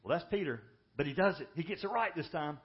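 A man preaching a sermon as pastor, emphatic, often dropping to a hushed, slow delivery for weight. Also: a little high, expressive. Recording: dull lo-fi sermon audio.

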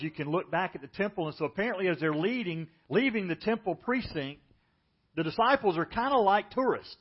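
A middle-aged man preaching a sermon as pastor, telling the story vividly and acting out the voices he quotes. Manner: storytelling, acts out quoted speakers with lifted pitch. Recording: dull lo-fi church audio.

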